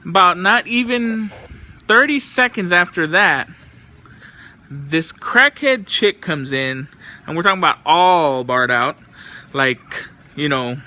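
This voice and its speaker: A young man vlogs loose, profane anecdotes about everyday annoyances. His voice is very bright and sharp and pitched somewhat high, and he tells his stories with an exasperated edge. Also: animated, takes it slowly. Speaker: vlogger. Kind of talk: casual storytelling.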